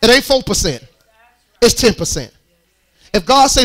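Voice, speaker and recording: A man preaching a sermon in church, speaking. He talks to the congregation in a conversational, animated way and builds to loud, strained peaks. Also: very high-pitched, brisk. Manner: rises into shouted, strained peaks.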